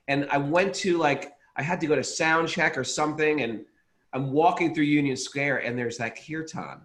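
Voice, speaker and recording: Excitable New man rambling. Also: on the high side, moderate pace. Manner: enthusiastic, rambling, self-interrupting. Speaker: podcast co-host. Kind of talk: casual chat.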